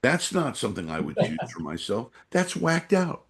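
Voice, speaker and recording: As a guest on a podcast, a San Francisco energy awareness trainer tells rambling stories packed with fillers, performing the voices himself. He speaks in a mid-range, sing-song voice at a moderate pace.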